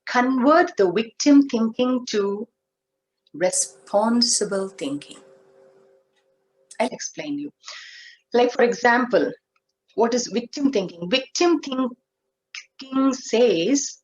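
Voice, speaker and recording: A woman giving a motivational spiritual talk, speaking deliberately and asking her listeners questions. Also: on the high side, animated, a little hiss or hum, low-quality recording. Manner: slow, deliberate, asks the audience questions.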